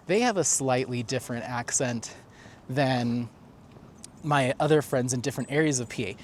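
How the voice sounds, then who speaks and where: A man's voice: mid-range voice, a little hiss or hum. A man vlogging while he walks his dog outdoors, chatting loosely and reading viewer comments aloud, with lots of fillers and restarts. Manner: talking while walking a dog. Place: outdoors on a neighborhood street.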